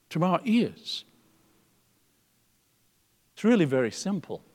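A man preaching a sermon, moving from loud emphatic lines to soft, almost whispered ones. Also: sits high, in a large hall.

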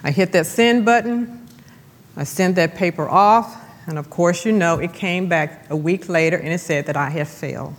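A woman giving an emphatic church testimony, repeating phrases and slowing down for effect. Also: on the low side. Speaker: guest speaker giving testimony. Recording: long church-hall reverb.

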